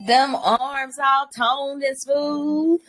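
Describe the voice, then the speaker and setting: A woman's voice: high voice, fairly even intonation, drawn-out words, fairly bright tone, soft background music. A woman co-hosting a podcast in casual chat, blunt and joking with a slangy manner. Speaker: podcast co-host. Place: Atlanta.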